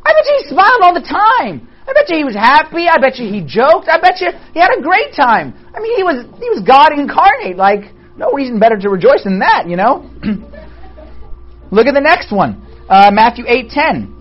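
Animated Bible study teacher, lively pitch. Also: moderate pace. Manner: animated, asks and answers own rhetorical questions; jokes with the group. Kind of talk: classroom teaching. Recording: dull lo-fi recording.

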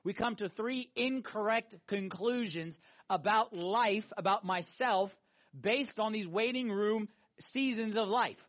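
A high-voiced male pastor delivers a conversational sermon with plenty of emphasis, circling back to his central question. The recording sounds dull and lo-fi. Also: measured pace.

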